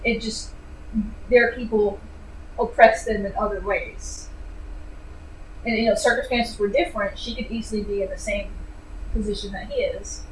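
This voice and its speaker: A woman giving a casual book review, animated and sarcastic, with lots of filler words. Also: medium pitch, normal speed, long pauses. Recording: echoey room, distant mic, faint noise.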